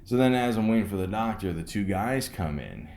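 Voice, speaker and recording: Deep-voiced man, rambling and sardonic. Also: expressive, a little fast, darkish tone. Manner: rambling, sardonic, profane, many fillers. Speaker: podcast host. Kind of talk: casual storytelling.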